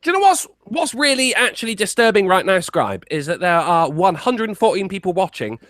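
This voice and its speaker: A man's voice: high-pitched, very animated, a little fast, fairly bright tone, dry recording. An English man, a guest on a live podcast, bantering brashly with lots of swearing and laughter. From England. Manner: brash, profane, laughing often.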